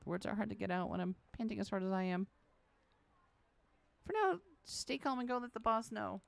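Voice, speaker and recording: Creaky-voiced woman reading a game aloud. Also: a little fast, no echo. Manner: expressive, with sudden high exclamations. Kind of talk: dramatic read-aloud of game text.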